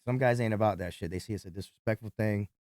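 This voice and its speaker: A man who works as a nightclub bouncer tells a fight story in an interview, animated and profane. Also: lowish voice, fast talker, smooth, no room sound, studio quality.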